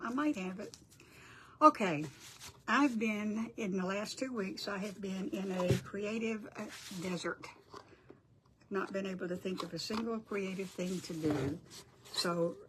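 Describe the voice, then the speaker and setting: A woman's voice: medium pitch, noisy background. An older woman hosting a casual crafting livestream, chatty and apologetic as she greets viewers by name.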